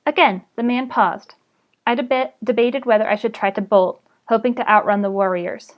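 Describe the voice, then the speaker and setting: A woman reading a novel aloud in a steady, even voice on her live stream. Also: fairly high pitch, normal speed, muffled recording. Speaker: reader streaming a book aloud.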